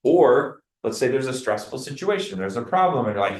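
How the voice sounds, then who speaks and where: A man leading his team in a meeting. He coaches them in a lively way and acts out dialogue with clients. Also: mid-range voice, a little fast, roomy sound, low-quality recording. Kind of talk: meeting talk. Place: meeting room.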